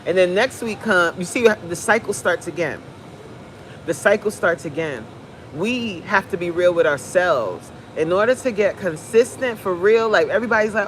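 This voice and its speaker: A woman's voice: fairly low pitch, expressive, moderate pace, a little hiss or hum. A fitness coach, a woman, giving a blunt, preachy, joking pep talk on a live stream.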